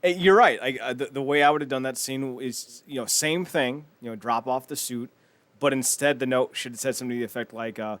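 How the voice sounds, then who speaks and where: A man chatting on a podcast who laughs a lot and slips into acting out lines from the episode. His voice sits at an ordinary middle pitch. The sound is dry, with no room echo. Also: brisk. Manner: animated, laughs often, acts out characters' lines. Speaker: podcast co-host. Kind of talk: casual chat.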